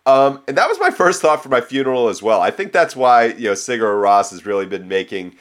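Wry, lively-pitched man co-hosting a podcast. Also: a little fast. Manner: wry, laid-back, opinionated. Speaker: podcast co-host. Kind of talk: casual music podcast chat.

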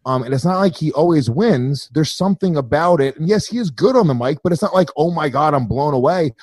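A man hosting a podcast, asking questions in a quick, sweary, casual way. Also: a little high, expressive, a little mellow, no room sound. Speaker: podcast host.

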